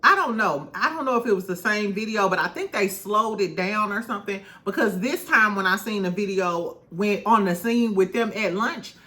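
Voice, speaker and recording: A woman's voice: medium pitch, moderate pace, hardly any pauses, sharp tone. A woman recapping a reality show in casual chat, candid and swearing freely, laughing often.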